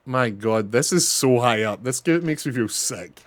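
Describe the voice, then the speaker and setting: A young man giving casual, chatty commentary on a game he is playing, swearing and laughing often. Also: medium pitch. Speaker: streamer.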